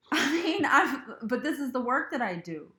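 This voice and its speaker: A woman's voice: high-pitched, big pitch swings, measured pace, bright, forceful tone. A woman hosting a podcast, talking earnestly in casual conversation with her guest. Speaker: podcast host. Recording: roomy echo.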